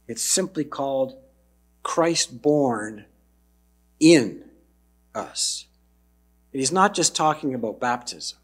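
A man preaching a sermon, slow and emphatic, dropping low on key words. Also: slightly rough.

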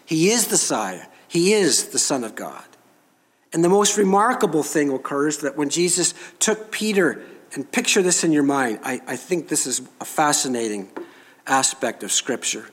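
A man preaching a sermon, slow and emphatic, leaning into dramatic pauses. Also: a little high, big-room sound.

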